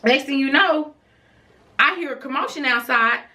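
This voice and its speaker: Bright-voiced woman telling a heated story. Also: high-pitched, moderate pace. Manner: animated, outspoken, slangy retelling with lots of "I'm like". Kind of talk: casual storytime retelling.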